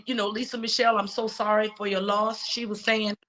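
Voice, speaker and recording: A woman's voice: mid-range voice, little pitch movement, brisk, fairly bright tone. A woman guest telling a personal story on a talk show, emotional and acting out what others said. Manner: emotional, acts out quoted dialogue.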